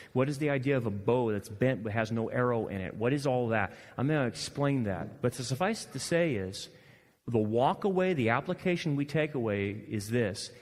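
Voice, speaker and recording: A male pastor preaching a sermon, animated and swinging between loud emphasis and quiet asides. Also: mid-range voice, long reverb tail. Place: church hall.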